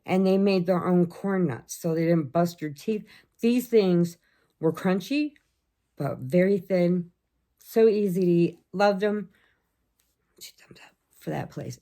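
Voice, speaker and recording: An American middle-aged woman vlogs casually, telling stories, laughing often and acting out what people said to her. Her voice is fairly low, warm, and a little slow.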